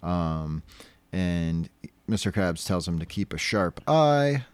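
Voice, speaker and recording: A man co-hosting a casual podcast, recapping a cartoon episode in a chatty, analytical way that hedges as he goes. His voice sits low, and the recording is close and dry. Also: lively intonation, slow pace, darkish tone, smooth, no echo. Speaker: podcast co-host.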